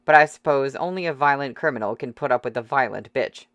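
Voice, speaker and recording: Reader playing a crude jeering man from a mob, slangy rough talk, sneering, dry close sound. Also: medium pitch, fast talker, fairly bright tone, dry recording, lightly acted. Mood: goading.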